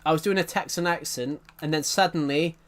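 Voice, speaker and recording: A man's voice: on the high side, fairly even intonation, fairly quick. A young man chatting casually on a live stream, rambling and self-deprecating, often laughing and restarting his sentences.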